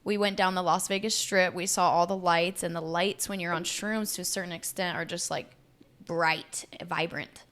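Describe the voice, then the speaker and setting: A woman's voice: fairly low pitch, moderate pace. A woman co-hosting a podcast, casually telling stories with swearing and acted-out quotes. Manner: animated storyteller, acts out quotes, swears freely. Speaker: podcast co-host. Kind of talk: casual chat.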